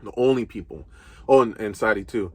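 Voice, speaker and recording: A young man telling a painful family story in a casual, halting way, full of fillers and restarts. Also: fairly low pitch, husky. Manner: casual, halting, filler-heavy, choked with emotion. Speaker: vlog co-host. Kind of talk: emotional storytelling.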